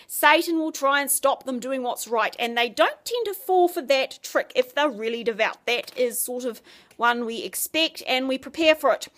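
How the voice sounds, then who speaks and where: A woman's voice: high voice, expressive, normal speed, a bit bright. A woman giving an earnest, conversational Christian devotional talk. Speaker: Christian speaker.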